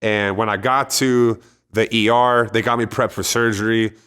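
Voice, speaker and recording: A man's voice: lowish voice, fairly even intonation, normal speed, fairly bright tone, clear, resonant tone. A man sharing a personal testimony in an earnest, conversational way, often restarting his sentences. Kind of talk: casual spoken testimony.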